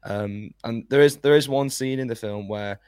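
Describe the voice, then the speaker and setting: A man co-hosting a casual podcast chat, relaxed and a little hesitant. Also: medium pitch, moderate pace, clear, resonant tone, no room sound. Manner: relaxed, hesitant with fillers and restarts. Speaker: podcast co-host.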